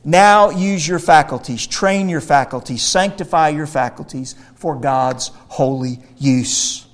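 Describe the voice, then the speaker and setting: A man preaching a sermon, emphatic, swinging between quiet explanation and loud, forceful declarations. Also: fairly high pitch, unhurried.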